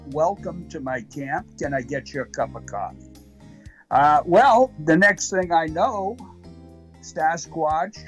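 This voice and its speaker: A man tells a rambling tall tale in a deadpan way, stopping and restarting. His voice sits a bit high. He speaks very slowly. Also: low-quality recording. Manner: rambling, halting storyteller with many restarts. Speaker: network founder and guest.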